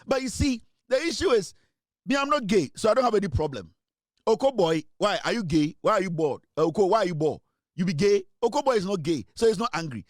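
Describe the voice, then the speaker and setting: A man's voice: sits high, expressive, quick pace, dry recording, clean studio sound. A man with a Ghanaian accent hosting an online talk show, teasing his audience with repeated rhetorical questions and mixing English with Twi. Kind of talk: casual commentary monologue.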